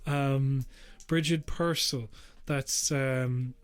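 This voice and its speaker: A man's voice: mid-range voice, fairly even intonation, drawn-out words, smooth. An Irish man co-hosting a podcast, chatting casually, giggling often and trailing off with ums while he works out puns. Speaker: podcast co-host. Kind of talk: casual comedic chat.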